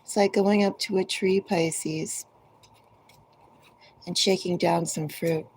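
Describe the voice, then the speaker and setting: Gravelly, mellow-voiced woman tarot reader. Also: on the low side, steady tone, a little hiss or hum, low-quality recording. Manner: speaks directly to each zodiac sign, unhurried and musing. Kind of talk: collective tarot reading.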